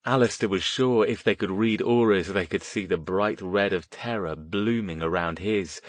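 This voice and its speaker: A man narrates an audiobook in a steady, measured way. His voice sits low. The recording is dry and close. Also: dry recording. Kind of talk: scripted narration.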